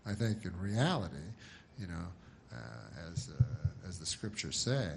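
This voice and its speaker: Male comedian, deadpan, rambling, halting, dry asides. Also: deep voice, vocal fry, slight background noise. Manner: meandering, halting, full of fillers and dry asides. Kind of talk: rambling deadpan stand-up storytelling.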